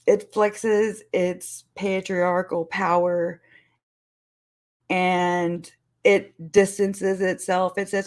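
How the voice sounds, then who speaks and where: A woman hosting a casual YouTube livestream speaks extremely slowly in a lowish voice with a flat delivery. She rambles and restarts her sentences, laughing between phrases while sounding emotional and near tears.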